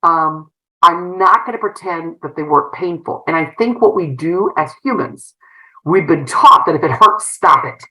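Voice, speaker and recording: A middle-aged woman with a low but bright, forceful voice recounts a painful chapter of her life as an interview guest. She speaks earnestly and emotionally, circling back with fillers and restarts as she goes. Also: normal speed, poor audio. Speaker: guest, former school principal turned entrepreneur. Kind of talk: personal storytelling in an interview.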